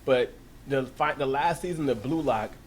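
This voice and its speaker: A man co-hosting a podcast, talking in a slangy, excitable way and laughing often. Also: mid-range voice, normal speed, slight background noise. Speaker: podcast co-host. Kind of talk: casual chat.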